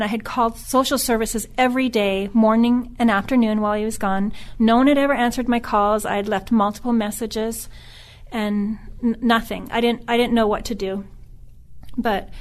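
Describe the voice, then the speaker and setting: A middle-aged woman who is a podcast guest, telling a personal story in a subdued, earnest way that often stops and restarts. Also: on the high side. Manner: halting, with frequent restarts.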